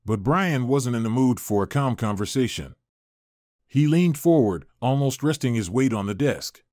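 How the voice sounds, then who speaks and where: A man narrating a scripted drama story in an expressive, dramatic manner. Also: medium pitch, normal speed, no echo, studio quality.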